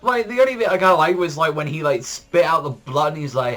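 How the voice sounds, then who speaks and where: A man giving a casual spoken manga chapter review, rambling with constant fillers and jumping up in pitch when excited. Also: fairly quick, few pauses. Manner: rambling, heavy use of "like", frequent restarts.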